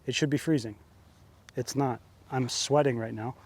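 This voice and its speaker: This vlogger's voice is medium in pitch, darkish and slightly rough, held at a steady tone and moderate pace. Out under an open sky, he's sweating and fired up, ranting with profanity and repeating himself for emphasis.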